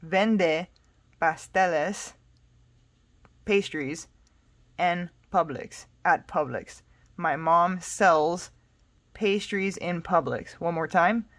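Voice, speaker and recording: A woman with a lilt walks through a recorded Spanish lesson, speaking slowly and patiently. Her voice sits a little low, and she drops casual asides between the drills. She is an English speaker teaching the language she learned herself. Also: fairly bright tone, no room sound. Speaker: Spanish tutor.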